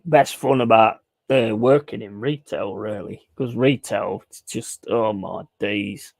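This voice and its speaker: A man's voice: on the low side, unhurried, vocal fry, no echo. A man telling crude, blunt stories in a casual chat while streaming a game. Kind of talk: casual sweary storytelling while gaming.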